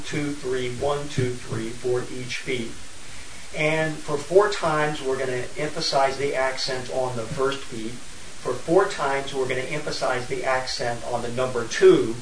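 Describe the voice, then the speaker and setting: A man calmly guiding a drumming exercise, explaining each step in a steady, patient way. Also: medium pitch, slight background noise. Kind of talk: guided exercise instruction. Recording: echoey room, mic at a distance. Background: hand drumming.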